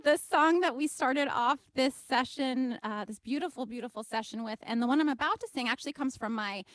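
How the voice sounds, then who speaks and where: A woman singer-songwriter with a slightly high voice chats in a lively way about her own music. She sounds relaxed and friendly as she sets up a song for the audience. The sound is close and dry. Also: brisk, no echo. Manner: lively, chatty storyteller. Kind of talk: casual talk introducing a song.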